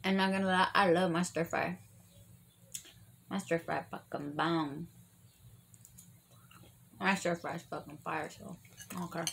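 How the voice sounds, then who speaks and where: A woman telling a long story in a casual eating vlog, animated, swearing freely and full of fillers. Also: on the low side, unhurried, gravelly, pauses often, a little hiss or hum.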